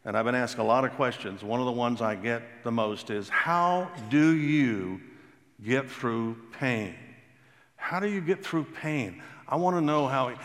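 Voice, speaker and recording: A man preaching a sermon, telling stories and stressing key words slowly and emphatically. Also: mid-range voice, fairly bright tone. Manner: storytelling, emphatic with slow drawn-out stresses. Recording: long hall reverb.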